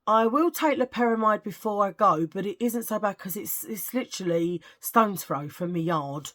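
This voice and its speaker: A woman's voice: mid-range voice, normal speed. A woman chatting casually to her viewers, rambling through anecdotes with frequent laughs and acted-out quotes. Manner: rambling, animated, laughs a lot, acts out quotes. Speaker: vlogger.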